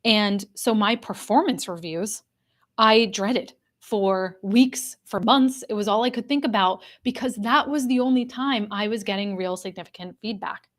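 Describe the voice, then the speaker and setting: An earnest woman coach leads a live online class, her pitch sitting in an ordinary middle range. She speaks straight to the people in the chat and repeats her main points so they sink in. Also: unhurried. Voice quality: addresses a live chat audience directly. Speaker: executive coach. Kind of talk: live online workshop talk.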